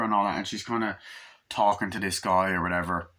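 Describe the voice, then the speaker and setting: A man's voice: low voice, steady tone, brisk, background noise. Rambling young man reviewing a movie. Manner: rambling, acts out quotes in raised voices, swears casually. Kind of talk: casual movie review recap.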